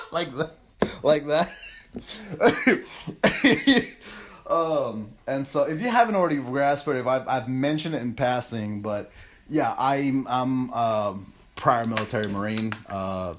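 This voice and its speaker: A young man hosting a podcast, telling a story in a casual, rambling and profane way with plenty of self-mockery. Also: on the low side. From United States. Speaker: podcast host.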